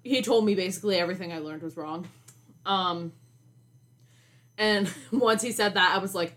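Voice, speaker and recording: A young woman co-hosting a podcast, casually telling a college story in an animated, exasperated way, with swearing and laughter. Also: mid-range voice, measured pace. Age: young adult. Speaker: podcast co-host.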